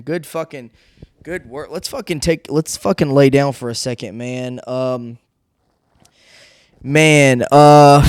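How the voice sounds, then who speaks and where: A man rants alone on his podcast in a loose, meandering way, swearing constantly. His voice sits at an ordinary middle pitch and comes through smooth and resonant. The sound is dry and close. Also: a little mellow, no echo. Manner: profane, rambling, loose. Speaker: podcast host. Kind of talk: casual solo podcast rant. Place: seated indoors without a backrest.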